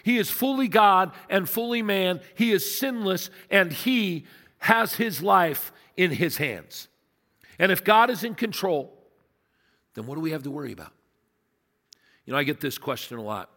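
An older man preaching as a pastor, telling a story and swinging between emphatic peaks and quiet low asides. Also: lively intonation, a little slow. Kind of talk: sermon. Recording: long reverb of a large hall.

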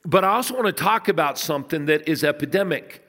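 A man preaching a sermon, telling stories in a conversational way and dropping low and soft to stress points. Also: animated, quick pace, in a large hall. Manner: storytelling, conversational, dips low and soft for emphasis. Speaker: pastor.

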